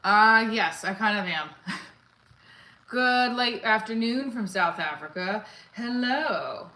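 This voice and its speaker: A woman's voice: mid-range voice, animated, slow pace, pushed and bright, roomy sound, poor audio. A woman comedian live-streaming while working out, out of breath and chatting casually with viewers as she reads their comments. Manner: chatty, answers viewers' comments, counts reps aloud.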